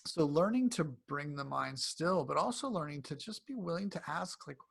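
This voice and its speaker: Man, gravelly voice, somewhat high pitch, casual interview guest, animated storyteller. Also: moderate pace. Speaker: cancer coach guest.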